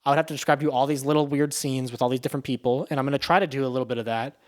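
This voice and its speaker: Man doing an offhand, foul-mouthed spoken movie review, rambling, mid-pitched. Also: steady tone, rapid-fire. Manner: rambling, profane, loose and offhand.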